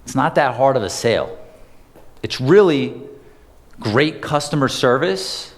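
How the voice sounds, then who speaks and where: A man's voice: medium pitch, animated, a little slow, big-room sound. A man giving a live sales seminar, talking energetically and conversationally and quizzing the audience. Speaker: sales trainer. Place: seminar room.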